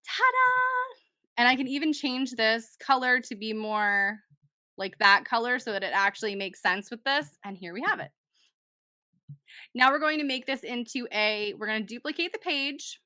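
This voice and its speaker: A young woman hosting a casual software tutorial, chatting to herself as she works and poking fun at her own choices. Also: medium pitch, no room sound, studio quality. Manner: chatty, talks to herself while working, self-deprecating. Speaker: tutorial host.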